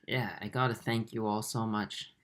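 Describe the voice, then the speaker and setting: A man in his twenties hosting a livestream, reading viewer comments aloud in a soft, halting way with many fillers. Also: lowish voice, fairly even intonation. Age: 20s. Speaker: aquarium channel host.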